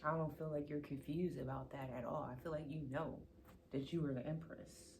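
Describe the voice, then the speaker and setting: A woman's voice: low voice, steady tone, a little fast, darkish tone, slight background noise. Playful, emphatic woman reading tarot cards. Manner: chatty, playful and emphatic, teasing then insisting. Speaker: tarot reader. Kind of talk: casual pick-a-pile tarot reading.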